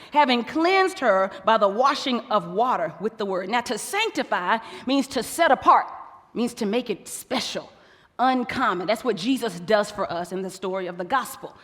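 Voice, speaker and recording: A woman's voice: a little high, a bit bright. A woman preaching a sermon, playful and acting out quoted couples. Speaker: pastor's wife preaching. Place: large church hall. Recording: long church hall reverb.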